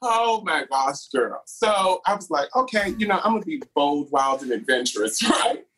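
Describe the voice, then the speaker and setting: Husky, swoopy drag queen spilling dating tea on a podcast, laughs a lot, says girl every other line. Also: a little high, normal speed, low-quality recording. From California. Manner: animated storyteller, laughs often, calls listeners "girl". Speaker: podcast guest. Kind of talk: casual chat.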